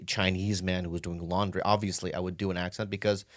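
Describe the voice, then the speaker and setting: A man with a fairly low voice chats on a comedy podcast, worked up and protesting. He curses freely, tripping over and repeating his words as he argues his point. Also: fast talker, dry recording, studio quality. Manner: exasperated, animated, swears often, stumbles and repeats himself. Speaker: podcast co-host. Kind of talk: casual comedic chat.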